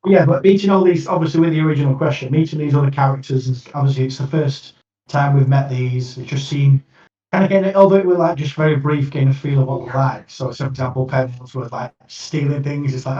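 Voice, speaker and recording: Soft-spoken British man, distant and dull. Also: a little high, fairly quick. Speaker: player. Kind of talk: casual chat. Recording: dull echoey room, off-mic.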